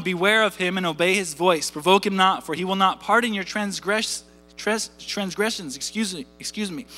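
A man's voice: high voice, pushed and bright, long reverb tail. A man in his thirties preaching a sermon in a conversational way, repeating words and putting questions to his congregation. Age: 30s. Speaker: pastor.

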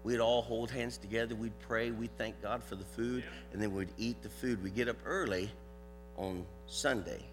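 An older man with a Southern US accent preaching a folksy, animated sermon to a church audience. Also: fairly low pitch, moderate pace, long reverb tail, soft background music, poor audio. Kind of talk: sermon with a live dog demonstration.

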